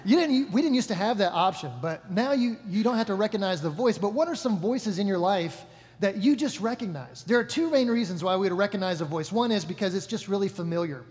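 A man giving a sermon as pastor, relaxed and joking, often correcting himself mid-sentence. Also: sits high, fairly quick. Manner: casual, joking, self-correcting. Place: church hall. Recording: long reverb of a large hall.

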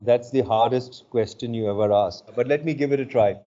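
An older man, an executive coach and interview guest, telling stories in a measured, thoughtful way. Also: medium pitch, warm tone. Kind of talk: reflective interview storytelling. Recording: muffled lo-fi audio.

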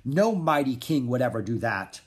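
A man's voice: medium pitch, big pitch swings, normal speed, husky. A man reading aloud, voicing a proud, hot-tempered young ancient prince who speaks in a haughty, commanding way.

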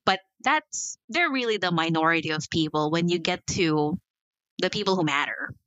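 Bright candid woman guest. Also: on the low side, animated, no room sound, lo-fi sound. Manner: candid, talks in quick asides with frequent "like" and laughs. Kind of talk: casual podcast interview.

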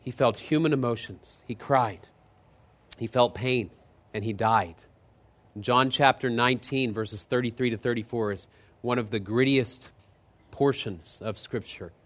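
A man pastor preaching a sermon, telling stories with animated delivery that climbs high and loud in retold scenes, then drops low and soft for solemn points. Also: unhurried.

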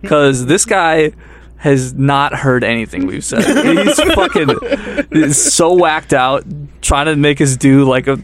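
A man's voice: on the high side, very animated, slow. A young man telling a story in casual podcast chat, acting out what people said, laughing often and swearing freely. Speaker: podcast co-host.

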